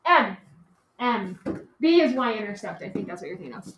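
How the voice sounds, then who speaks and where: A woman with a mid-range voice, very animated and speaking at a moderate pace, is teaching a class. Her lecture is chatty and casual, full of "like" and "okay." The classroom is echoey, with faint noise in the background.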